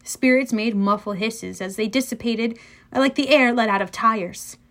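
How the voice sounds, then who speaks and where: Woman narrator, high voice, lively first-person audiobook reading. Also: unhurried.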